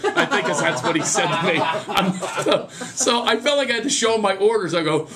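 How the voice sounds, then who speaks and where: A man's voice: sits high, moderate pace. A middle-aged male comedian telling a story as a radio guest, laughing and acting out the voices of the people in it. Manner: animated, laughing storyteller who acts out voices. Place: radio studio. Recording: radio broadcast with audible studio crowd.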